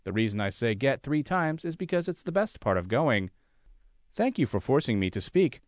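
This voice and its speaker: Lively man reading an article aloud. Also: medium pitch, normal speed, dry recording, studio quality. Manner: reads every bracket and caption aloud, lively. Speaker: reader of a magazine article. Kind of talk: read-aloud article narration.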